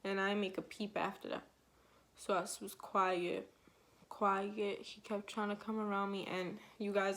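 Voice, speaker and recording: A woman's voice: mid-range voice, fairly even intonation, moderate pace. A woman vlogger telling a storytime vlog in casual, slangy speech full of fillers, retelling it with emotion.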